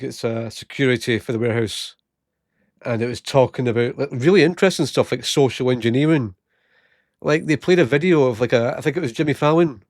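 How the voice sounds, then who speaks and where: A man telling work stories straight into a close microphone, chatty and quick to laugh at his own jokes. He sounds a little short of breath, as if getting over a chest infection, and his voice sits in a plain middle pitch. The sound is dry and close. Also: no room sound. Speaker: vlogger. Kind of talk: casual storytelling. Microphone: new gated microphone close up.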